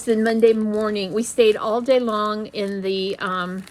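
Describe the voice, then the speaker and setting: A middle-aged woman hosting a stitching vlog, telling a personal story in a rambling, casual way with many pauses and restarts. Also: mid-range voice, fairly even intonation. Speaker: flosstube host.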